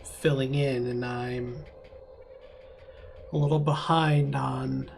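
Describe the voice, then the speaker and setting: A man voicing a stand-in high mage who is unsure of the job and speaks in halting bits in a fantasy game. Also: fairly even intonation, creaky, a little hiss or hum. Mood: guarded.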